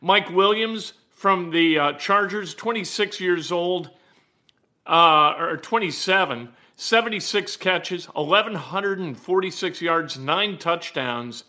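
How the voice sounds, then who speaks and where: A man's voice: high-pitched, slow, bright, forceful tone. A man hosting a sports talk show, giving blunt, emphatic opinions and rattling off player stats. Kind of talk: opinionated sports commentary monologue.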